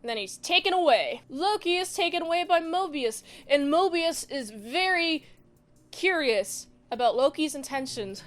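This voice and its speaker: High-voiced chatty woman reviewer. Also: lively intonation, moderate pace, faint music behind. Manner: chatty, joking, acts out quotes. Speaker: show reviewer. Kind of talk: casual recap and review.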